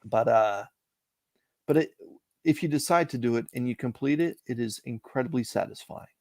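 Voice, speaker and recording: Man, middle-aged, from Canada, gravelly voice, dry close sound, reflective storytelling. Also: mid-range voice, darkish tone, dry recording. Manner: measured, reflective storytelling with frequent "uh" pauses. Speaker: interview guest, comic collector. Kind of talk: casual storytelling interview.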